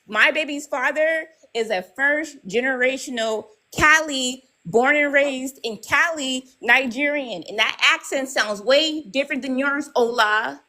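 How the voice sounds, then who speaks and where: A woman's voice: sits high, a little slow, bright, forceful tone, poor audio. A woman arguing angrily in a live stream, confrontational and profane, often tagging her points with "right?". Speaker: live debate participant. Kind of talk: heated live-stream argument.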